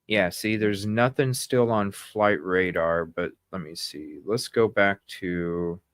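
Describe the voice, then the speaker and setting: A man's voice: sits low, takes it slowly, smooth, dry recording, studio quality. A man hosting a live news stream, talking in agitated, indignant bursts that ramble with restarts.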